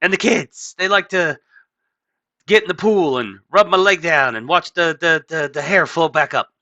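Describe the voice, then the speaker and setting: American dude cohosting a pod, swears constantly, stumbles over words, sharp bright voice. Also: male voice, fairly high pitch, normal speed. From United States. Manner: profane, laughs often, stammering restarts. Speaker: podcast co-host. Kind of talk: casual crude political banter.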